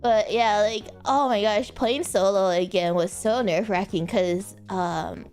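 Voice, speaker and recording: A young woman streaming casual chat, giggling often and breaking into high laughter. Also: measured pace, a little mellow, soft background music. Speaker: VTuber streamer.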